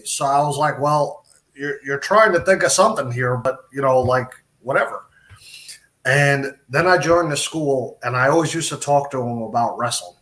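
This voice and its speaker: A man's voice: mid-range voice, moderate pace, fairly bright tone. A middle-aged man, a wrestler, telling rambling stories with quoted dialogue in a casual interview. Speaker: podcast guest, wrestler.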